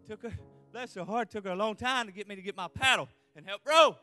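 A man preaching a fervent revival sermon, repeating refrains and letting out whooping shouts. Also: high voice, a little fast, faint music behind. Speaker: pastor.

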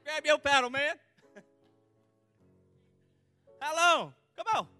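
A man preaching a fervent revival sermon, repeating refrains and letting out whooping shouts. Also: extremely high pitch, slow pace, no echo, soft background music. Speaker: pastor.

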